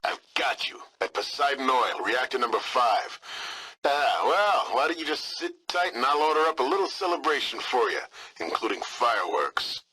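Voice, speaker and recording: Game role: a profane radio operator for a military faction, husky and bright-toned, with a voice that lurches up and down. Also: male voice, medium pitch, very animated, moderate pace, heavily acted, low-quality recording. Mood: smug. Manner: profane, blustering, sarcastic. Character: foul-mouthed male military radio operator. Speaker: communications officer.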